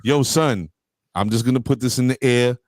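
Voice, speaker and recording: A man's voice: medium pitch, normal speed, no echo. A man hosting a casual chat, playful and slangy as he teases his guest. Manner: playful, joking, slangy banter. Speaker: host.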